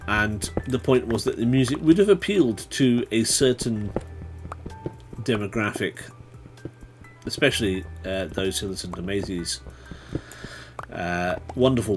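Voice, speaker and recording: A man's voice: fairly low pitch, animated, moderate pace, soft background music. A man chatting casually to his viewers while playing a game on a livestream, rambling and swearing when startled. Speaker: streamer. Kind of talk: casual gaming livestream chat.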